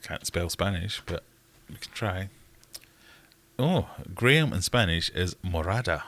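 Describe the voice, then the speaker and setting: A man's voice: low voice, animated, measured pace, fairly bright tone. A man hosting a casual livestream, answering chat in a rambling, wry, self-mocking way. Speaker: livestream host reading chat.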